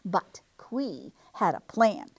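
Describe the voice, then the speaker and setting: Storytime reader, woman, expressive read-aloud, lively up and down voice. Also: mid-range voice, slow pace, gravelly, slightly rough. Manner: expressive, animated. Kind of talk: reading a picture book aloud.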